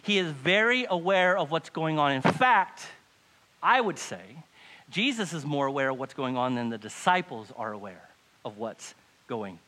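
Male preacher, high bright voice, sermon to a church crowd, hushed then loudly pleading. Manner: dramatic, swings from hushed to loud pleading. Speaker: pastor. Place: church hall with congregation.

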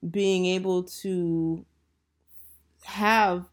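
A woman's voice: fairly low pitch, steady tone, very slow. A woman hosting a podcast, talking in a reflective, conversational way, with frequent fillers and restarts. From United States. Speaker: podcast host. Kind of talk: solo podcast commentary.

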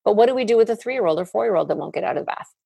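A woman's voice: medium pitch, expressive, racing, creaky, warm tone, husky, no room sound. A woman therapist explaining parenting techniques in a podcast interview, now and then acting out what parents and children say. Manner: explains steadily and acts out quoted parents and children.

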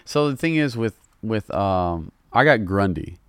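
A man's voice: fairly low pitch, animated, unhurried, a bit bright, smooth, no room sound. A man with a Southern US accent, a podcast guest talking loosely and casually, calling people bro. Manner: laid-back, loose, calls people bro. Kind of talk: casual chat.

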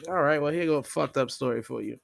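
Gravelly man telling a profane story. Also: a little high, fast, faint music behind. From Florida. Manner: profane, animated storytelling with quoted voices. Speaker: podcast host. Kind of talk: casual storytelling monologue.

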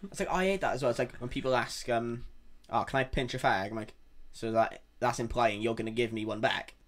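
Swearing storyteller guy, loud quotes. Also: mid-range voice, fairly quick. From Wales. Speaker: podcast co-host. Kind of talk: casual chat.

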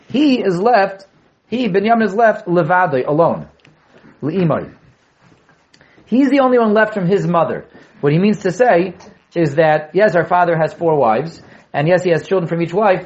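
Teacher type: man with a high voice, lively and quizzing the class, dull lo-fi sound. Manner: animated, repeats key words, asks the class questions, joking asides. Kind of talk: Torah class lecture to students.

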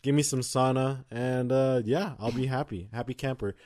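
A young man co-hosting a pop-culture podcast in casual chat, relaxed and loose, laughing often. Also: mid-range voice, normal speed. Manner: laid-back, laughs often, loose filler-heavy talk. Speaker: podcast co-host.

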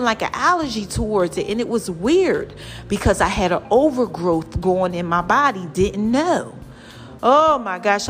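A young woman talks straight to her viewers in a loose, animated vlog style. Her voice sits a little high for a woman, and she slips into a preachy, testifying tone. She keeps calling her audience y'all and child. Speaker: vlogger sharing a health testimony. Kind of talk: casual chat to viewers.

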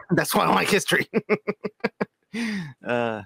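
A man's voice: a little high, measured pace, creaky, breathy edge, no room sound, clean studio sound. A male co-host who laughs often and teases his partner in casual chat. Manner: laughs often, lively, teasing. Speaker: podcast co-host.

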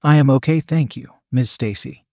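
A man's voice: mid-range voice, normal speed, dark tone, no echo, clean studio sound, close to an everyday voice. A man voicing a shy, flustered young man who stammers and hesitates, in a spoken audio story. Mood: nervous.

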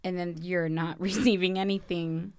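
A woman in a casual group chat who calmly agrees, adds her points, and laughs softly. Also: lowish voice, normal speed, clean tone, no echo.

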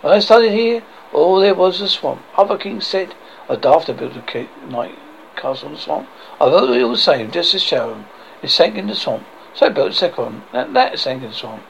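A man's voice: on the high side, big pitch swings, moderate pace, creaky. Man doing a blustering swamp king father. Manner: bossy, exasperated lecturing. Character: gruff blustering middle-aged male swamp king. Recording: dull lo-fi with faint hiss.

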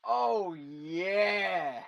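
A man's voice: high voice, lively intonation, drawn-out words, creaky, heavy background noise. A man hosting a casual live stream chat, swearing and laughing as he banters with viewers and his co-host. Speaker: livestream host.

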